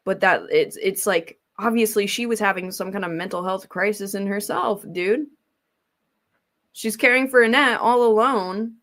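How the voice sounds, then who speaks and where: Woman ranting bluntly over a reaction clip, rambly, swears a lot, mid pitch. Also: moderate pace, fairly bright tone. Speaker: commentary host. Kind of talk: casual reaction commentary.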